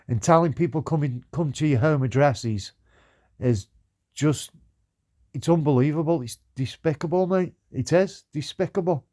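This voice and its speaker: A man's voice: on the high side, darkish tone. A man on a livestream, earnestly giving advice and pleading, with "mate" at the end of nearly every sentence. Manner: pleading, says "mate" again and again. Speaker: livestream commentator.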